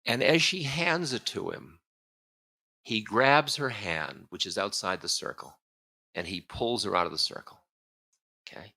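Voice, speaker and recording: A man's voice: lowish voice, lively intonation, unhurried, long pauses, pushed and bright. A man, a spiritual teacher, telling an old story in a casual, humorous lecture with frequent chuckles.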